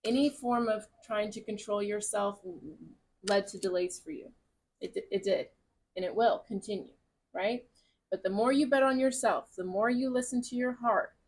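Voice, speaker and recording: A woman's voice: mid-range voice, slight background noise. Gushing, chatty woman tarot reader. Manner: gushing, chatty and encouraging, with casual swearing. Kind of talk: casual tarot reading to camera.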